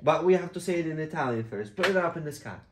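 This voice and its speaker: A man's voice: fairly high pitch, lively intonation, quick pace, roomy sound, heavy background noise. A father playfully teaching his young children simple words, patiently repeating each one. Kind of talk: playful kids' vocabulary lesson.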